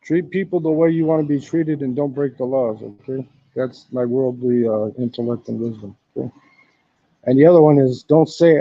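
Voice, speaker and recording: Walking through a hostel in Thailand, a man chats into his phone for a casual live stream recorded on its camera. He speaks at medium pitch and normal speed, with the high frequencies cut off. Easygoing and foul-mouthed, he repeatedly says "man."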